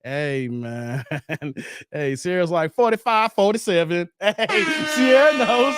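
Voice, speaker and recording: Reading viewer comments on a casual stream, a man riffs in animated, slang-heavy banter, laughing and joking as his high voice swings widely. He talks a little slowly. The recording is close and dry, with no room sound at all.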